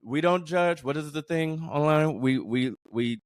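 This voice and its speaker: A man's voice: a little high, a little slow, smooth, no echo, studio quality. Reflective, playful comedian man on a podcast. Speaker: podcast co-host; stand-up comedian. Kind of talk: casual comedic chat.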